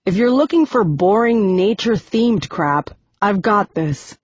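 A woman voicing a blunt, brash teenage boy who is dismissive and loud. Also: mid-range voice, lively intonation, unhurried, breathy edge, no room sound, dull audio.

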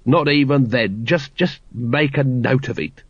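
A man voicing a weary, middle-aged city watch captain who speaks slowly and hesitantly, sounding exasperated, on a dry, slightly dull recording. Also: medium pitch, dry recording, close to an everyday voice.

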